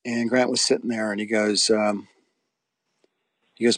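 A man's voice: fairly low pitch, level tone, a little slow, long pauses, a bit bright, no echo. A middle-aged man being interviewed, telling a personal story in a rambling, conversational way with frequent restarts. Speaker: interview guest.

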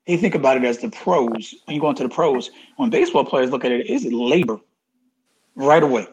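A man's voice: medium pitch, lively intonation, a little fast, a little mellow, dull audio, slight background noise. A man in his fifties, an interview guest talking casually and emphatically, repeating key phrases for stress. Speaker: interview guest, college athletics administrator.

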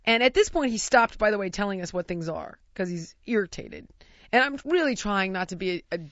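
A woman telling a funny story in a casual chat, animated and laughing as she mimics the people in it. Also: medium pitch, fairly quick, dry recording. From United States. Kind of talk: casual anecdote. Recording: dry, slightly dull lo-fi recording.

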